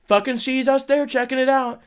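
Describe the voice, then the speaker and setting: A young man co-hosting a podcast, telling a story in casual chat, profane and excitable, laughing often. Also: extremely high pitch, fairly quick, clear, resonant tone. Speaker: podcast co-host.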